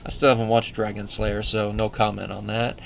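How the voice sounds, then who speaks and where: A man in his thirties with a somewhat low voice chats his way through an episode review, wandering into asides and quoting lines as he goes. A faint hum of room ambience sits behind him. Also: little pitch movement, fairly quick, gravelly. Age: 30s. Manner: chatty, digressive, with fillers and quoted asides. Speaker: show reviewer. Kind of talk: casual solo review commentary.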